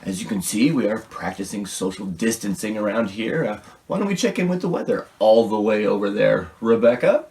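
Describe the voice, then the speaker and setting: A brash news anchor, played by a man reads in a lowish, lively voice with stiff newsreader delivery that snaps into rants. He sounds set back from the mic, with faint music behind. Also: a little fast, few pauses, far from the mic. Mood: newsreading. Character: brash, foul-mouthed male news anchor.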